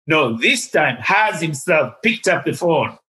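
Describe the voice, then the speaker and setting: An older man from Tanzania, telling a personal story as an interview guest, halting with fillers and restarts. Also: fairly high pitch, sing-song, bright, forceful tone. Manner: hesitant, with many fillers and restarts. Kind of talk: storytelling in conversation.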